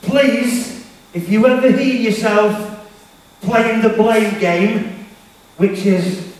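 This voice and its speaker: A man's voice: high-pitched, drawn-out words, pauses often, a little hiss or hum. A man giving an emphatic, repetitive motivational keynote to teenagers, talking straight to the audience. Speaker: motivational speaker. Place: large hall with teenage audience. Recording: echoey hall from far off.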